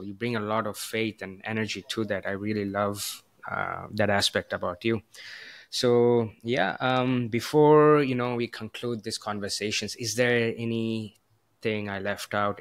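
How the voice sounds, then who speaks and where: Soft-spoken low-voiced male host. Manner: gentle, reflective, hesitant with frequent "uh" and "um". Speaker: podcast host. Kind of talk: casual podcast conversation.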